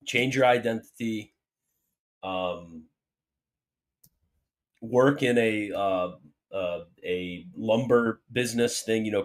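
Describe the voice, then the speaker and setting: A man hosting a casual livestream Q&A, reading viewer questions aloud and answering them with jokey mock alarm and then earnest explanation. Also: lowish voice. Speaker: livestream host answering super chats.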